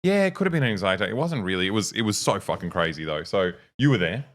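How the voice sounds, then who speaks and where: A young man with a fairly low voice tells a story in a casual chat, swearing freely and getting animated as he goes. His delivery stays loose and conversational. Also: fast. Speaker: co-host.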